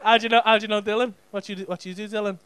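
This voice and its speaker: A man's voice: high-pitched, flat delivery, rapid-fire, fairly bright tone. A male stand-up comedian, doing sweary, mock-exasperated crowd work on a comedy club stage.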